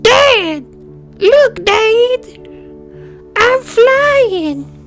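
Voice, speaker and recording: A man voicing an excited little boy sugar glider in a squealing falsetto. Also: extremely slow, soft background music, exaggerated voice. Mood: gleeful.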